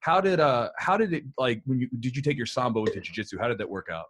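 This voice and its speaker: Fast-talking male podcast host. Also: mid-range voice, very animated, fairly bright tone, a little hiss or hum. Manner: rapid, filler-heavy questioning. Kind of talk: casual interview chat.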